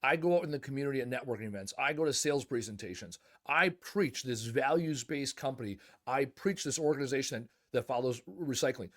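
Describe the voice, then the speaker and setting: A man who owns a junk removal company, telling stories emphatically in a casual podcast conversation. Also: mid-range voice. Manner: emphatic, animated storytelling. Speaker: junk removal business owner.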